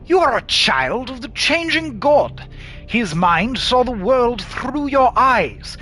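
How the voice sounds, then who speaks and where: A man's voice: very high voice, big pitch swings, takes it slowly, pushed and bright, faint music behind, voice pushed up, exaggerated voice. A man voicing a tall, gaunt, sonorous man in a posh, old-fashioned London accent, speaking formally and reverently.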